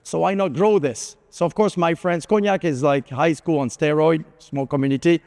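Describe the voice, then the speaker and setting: A man's voice: on the high side, normal speed, creaky, a little mellow. Man telling stories in a reverberant hall. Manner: anecdotal, conversational, with frequent fillers. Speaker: keynote speaker. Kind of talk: conference keynote storytelling. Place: large conference hall.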